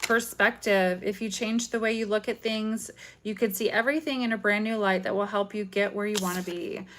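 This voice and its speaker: A woman's voice: medium pitch, fairly even intonation, a little fast, a bit bright. A woman giving a chatty, rambling live tarot reading, often breaking into giggles, recorded at home. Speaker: tarot reader. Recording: noisy home stream with card shuffling.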